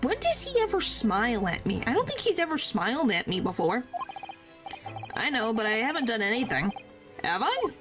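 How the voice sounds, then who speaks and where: A young adult woman streamer chatting casually over gameplay, playful and quick to indignation. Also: on the high side, sing-song, over music.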